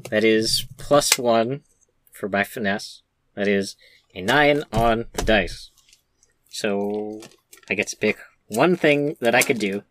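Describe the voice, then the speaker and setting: A woman's voice: very deep voice, noisy background. A woman playing a tabletop role-playing game, explaining her character's moves in a chatty way with lots of fillers. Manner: animated, chatty, hesitant fillers. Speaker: player. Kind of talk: casual tabletop play with in-character bits.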